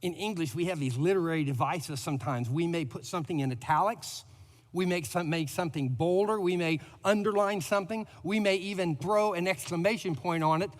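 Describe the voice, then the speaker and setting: A man's voice: fairly high pitch, fairly quick. Emphatic male pastor in a reverberant hall. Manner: emphatic preacher, voice swells on repeated words. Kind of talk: sermon. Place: church sanctuary.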